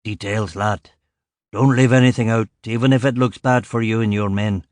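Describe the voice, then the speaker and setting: Brief: man doing a gravelly Glaswegian chief superintendent, older, imposing, blunt, lower than his own voice, dry booth sound. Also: steady tone, normal speed, dry recording, close to an everyday voice. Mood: stern. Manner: blunt, commanding.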